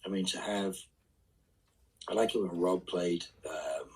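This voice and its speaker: A man reading fan questions aloud and answering them casually in a live online Q&A, often trailing off into soft asides. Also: sits low, measured pace, slightly rough, recorded from a distance, poor audio.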